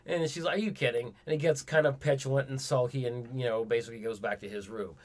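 A man's voice: medium pitch, steady tone, quick pace. A man in casual movie talk, rambling and retelling scenes with quoted lines.

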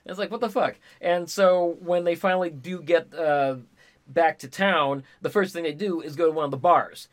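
Excitable, higher-voiced profane man. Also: normal speed. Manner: profane, excitable, laughs and shouts while retelling scenes. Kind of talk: casual movie review chat.

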